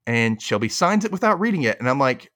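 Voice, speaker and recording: Brief: young male podcast host, mid pitch, very expressive intonation, chatty and laughing. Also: brisk. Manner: animated, chatty, self-amused with frequent laughs. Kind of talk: casual episode recap.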